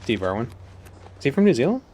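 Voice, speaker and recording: A man's voice: mid-range voice, very animated, fast talker, dark tone. A man casually chatting and musing while streaming a game, often trailing off mid-sentence. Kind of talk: casual gaming stream chat.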